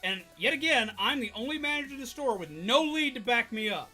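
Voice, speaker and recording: A man with a Southern US accent tells a story on a stream in a very lively voice that rises and falls a lot. His tone is bright and a little sharp, and faint music plays behind him. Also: very high-pitched, brisk. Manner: animated, with laughs and swearing. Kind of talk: casual storytelling chat. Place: home streaming setup.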